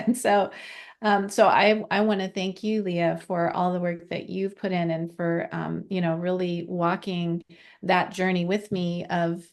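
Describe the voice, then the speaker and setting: A woman with a somewhat low, gravelly voice speaks earnestly over a video call. She thanks her community in a sincere, grateful manner. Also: level tone, unhurried. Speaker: founder and teacher of an animal healing method. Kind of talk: heartfelt thank-you speech.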